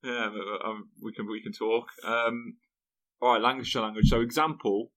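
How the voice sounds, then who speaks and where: A man's voice: on the low side, normal speed, a bit bright. A man co-hosting a podcast, chatting playfully and quizzing his co-host. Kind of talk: casual chat.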